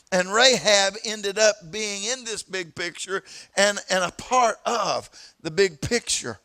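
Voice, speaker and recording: A man preaching with a Southern East Tennessee accent, his voice high and ringing bright. He tells stories from the pulpit, repeating himself as he builds up and stretching out the words he wants to land. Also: takes it slowly. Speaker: pastor. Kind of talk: sermon. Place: church sanctuary.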